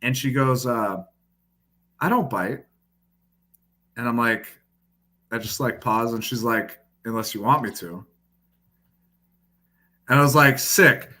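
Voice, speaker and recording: Bright-voiced man telling a profane story. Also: medium pitch, unhurried, pauses often. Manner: profane, lively anecdote-telling with quoted dialogue. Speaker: podcast guest. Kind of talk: casual storytelling.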